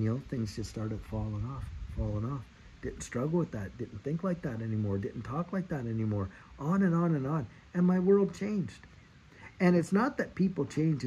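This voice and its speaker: A man's voice: medium pitch, a little mellow, slight background noise, low-quality recording. A man in his fifties giving an earnest, exhorting sermon and repeating his key phrases. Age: 50s. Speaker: Christian speaker.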